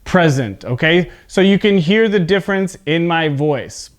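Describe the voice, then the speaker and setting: A middle-aged man teaching an English pronunciation lesson, speaking slowly and clearly in an encouraging way. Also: high voice, animated.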